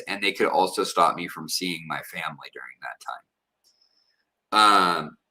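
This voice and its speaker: Bright-voiced man telling a personal story. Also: deep voice. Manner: rambling, with many fillers and restarts. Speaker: aquarium channel host.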